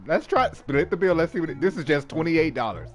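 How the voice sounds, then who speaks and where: A man's voice: fairly high pitch, expressive, a little fast. A man giving casual, teasing commentary over a video, often chuckling. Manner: laughing, teasing asides. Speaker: reaction streamer.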